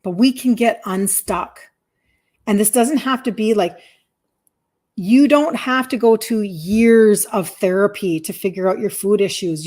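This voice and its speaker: A woman's voice: mid-range voice, a little mellow. A woman in her fifties, a health coach talking bluntly and emphatically to her audience on a live stream. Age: 50s.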